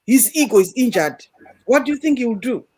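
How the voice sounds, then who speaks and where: A woman with a husky, breathy voice speaks in an earnest, animated way. She is telling a story on an online panel and acts out the people she quotes. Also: a little high, fairly quick. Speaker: panel guest.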